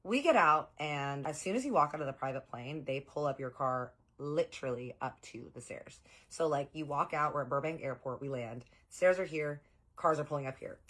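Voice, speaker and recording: Low-voiced woman telling a story. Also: normal speed. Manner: animated, slangy storytelling. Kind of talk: storytime vlog.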